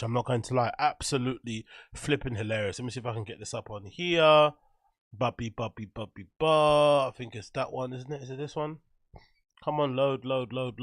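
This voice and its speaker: A man hosting a casual livestream, excitable and slangy, chatting to his viewers from a computer. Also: mid-range voice, dry recording, studio quality. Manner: excitable, slangy, talks to the chat. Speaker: livestream show host.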